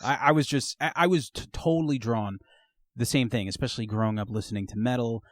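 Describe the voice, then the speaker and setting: A man's voice: medium pitch, fast talker, no room sound, studio quality. A man hosting a podcast over the phone from home, telling stories with lots of swearing and laughter. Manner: animated storyteller, swears freely, laughs mid-sentence. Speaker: podcast host. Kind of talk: casual phone conversation. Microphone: phone call.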